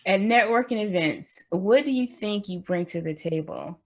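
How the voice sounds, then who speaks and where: A woman's voice: mid-range voice, animated, normal speed. A woman moderating a Q&A session, plainly reading out audience questions.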